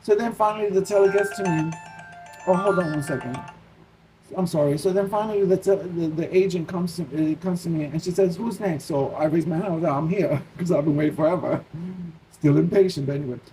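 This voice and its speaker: High-voiced New York man telling a story. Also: brisk, soft background music, rough recording. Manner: animated, restarts often, acts out his own panicked thoughts. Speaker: Christian vlogger. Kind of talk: casual personal storytelling.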